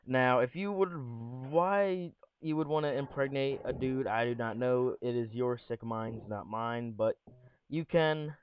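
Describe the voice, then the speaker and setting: A man's voice: medium pitch, a little slow, clear, resonant tone, highs cut off. A young man giving casual, jokey commentary on a game, rambling between points with a showman's flair. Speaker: gaming commentator.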